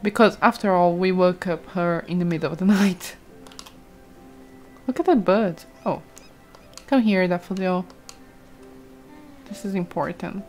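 A woman's voice: lowish voice, measured pace, long pauses, darkish tone, soft background music. A young woman from Brazil, chatting casually over gameplay, exclaiming often and reading chat aloud. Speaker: streamer.

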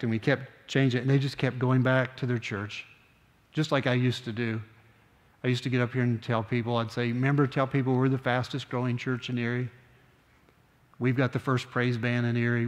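Older guy preaching a sunday sermon, earnest, slows way down on the big lines, mid-pitched, lots of church reverb. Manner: earnest, slows down on key phrases, conversational asides. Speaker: pastor. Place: church sanctuary.

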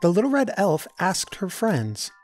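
A woman reading a children's storybook aloud in an expressive, animated way. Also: mid-range voice, measured pace, faint music behind. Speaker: storybook reader. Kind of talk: children's read-aloud narration.

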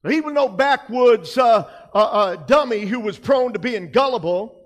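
A male pastor preaching a sermon, emphatic, his delivery swinging between soft passages and loud ones. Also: very high-pitched, expressive, normal speed, big-room sound. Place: church sanctuary.

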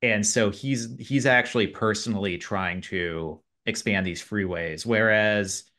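A man with a slightly low voice co-hosts an interview podcast. He builds long, winding questions, often restarting phrases as he thinks. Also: a little slow, pushed and bright. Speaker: podcast co-host.

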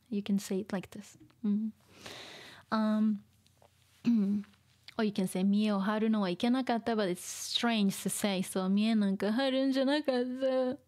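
A woman teaching vocabulary in a casual livestream lesson, softly mixing Japanese and English and laughing often. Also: fairly high pitch.

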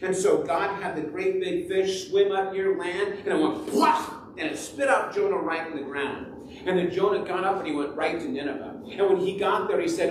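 A man as pastor, telling a Bible story to children in an animated way and acting out its voices. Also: high voice, moderate pace, noisy background. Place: church sanctuary. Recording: echoey church from far off.

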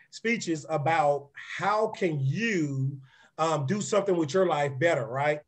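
A man with a raspy voice gives a live-streamed motivational business presentation, energetic and chatty, often checking in with his listeners. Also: fairly high pitch. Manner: energetic, conversational, often asks "right?"; repeats words and restarts sentences. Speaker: real estate presenter.

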